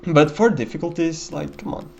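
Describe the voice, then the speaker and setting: A man's voice: on the high side, normal speed, gravelly, darkish tone, lo-fi sound, a little hiss or hum. A man giving casual, rambling commentary over a game run, with many fillers and restarts. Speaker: gameplay commentator.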